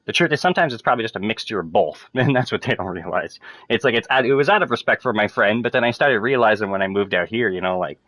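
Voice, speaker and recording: A man's voice: on the low side, expressive, fast, a bit bright, no room sound. A man chatting casually while playing a video game, rambling with lots of fillers and swearing freely. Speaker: gamer streaming to friends.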